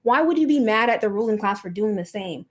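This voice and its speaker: A woman's voice: medium pitch, animated, brisk. A woman speaking as a podcast guest, in a blunt, profane, ranting casual chat.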